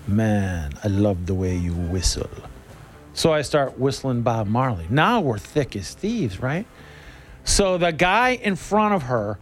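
A middle-aged man hosting a radio show, telling a casual story in a folksy, animated way. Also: mid-range voice. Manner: animated, folksy, laughs between lines. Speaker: radio host.

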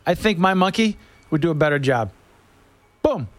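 A male host rambles through crude, joking stories in a loose, casual monologue. His voice sits a bit high and swoops up and down a lot as he tells them. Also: expressive, moderate pace, dry recording. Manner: loose storytelling, crude humor. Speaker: radio host.

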